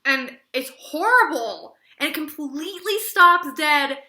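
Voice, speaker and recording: Sarcastic rambling woman reviewer, bright voice. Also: high voice, lively intonation, slow pace. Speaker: book reviewer. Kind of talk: casual video book review. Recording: echoey room.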